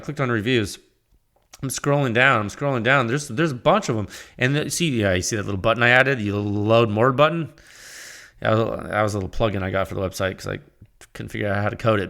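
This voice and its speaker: A young man hosting his own podcast, talking casually and warmly to listeners with frequent restarts and fillers. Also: lowish voice, fairly quick, vocal fry. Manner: rambling, heartfelt, with many restarts and fillers. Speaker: podcast host. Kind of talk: casual solo podcast talk.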